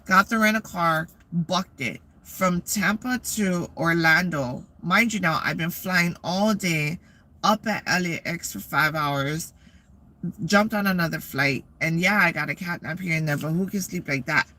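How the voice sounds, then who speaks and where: Woman vlogger, forceful bright voice, profane rambling storyteller. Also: on the low side, unhurried. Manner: profane, rambling, animated retelling. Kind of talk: casual storytelling.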